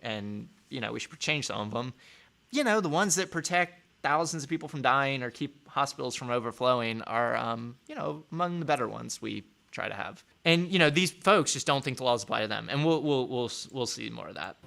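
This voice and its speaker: This man talks in a loose, sarcastic ramble, full of "like" and "I mean". His voice is gravelly, with a bright, forward tone, and he sounds like a host reacting to clips on a live show. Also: mid-range voice, lively intonation, a little fast. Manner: sarcastic, rambling with many fillers. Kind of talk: casual commentary on clips.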